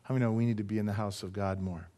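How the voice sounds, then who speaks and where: A man's voice: on the low side, fairly even intonation, very fast, warm tone. A middle-aged man preaching a sermon as pastor, emphatic and full of rhetorical questions to the congregation.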